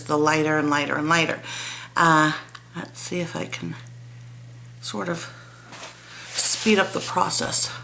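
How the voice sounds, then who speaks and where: A chatty woman reviewing makeup at home, speaking slowly in a fairly low, bright voice. She rambles, trails off and laughs at herself. A faint hum sits under the camera mic. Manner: chatty, rambling, self-deprecating, trails off and restarts. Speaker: beauty vlogger. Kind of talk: casual product review chat.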